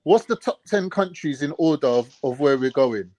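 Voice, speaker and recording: A man's voice: on the high side, expressive, normal speed, darkish tone, no room sound. Slangy man bantering on a panel. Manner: joking, slangy, quotes other people in put-on voices. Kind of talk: casual banter on a live panel.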